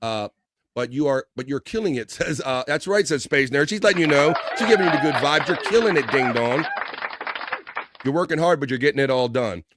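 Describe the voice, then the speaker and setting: A man hosting a casual livestream, reading viewer comments aloud in a loose, joking way with bursts of excitement. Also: medium pitch, a little fast. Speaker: livestream host.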